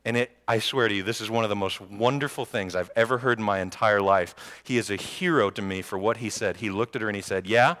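Joking pastor preaching in a reverberant hall. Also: male voice, lowish voice, fast, few pauses. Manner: lively, joking asides to the congregation. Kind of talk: sermon. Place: church sanctuary.

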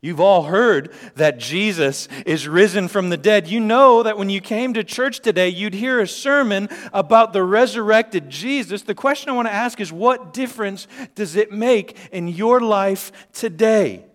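A man preaching a sermon, shifting between quiet and loud passages and joking with the congregation. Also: sits high, a little slow, few pauses. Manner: dynamic, swings from quiet to loud. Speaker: pastor.

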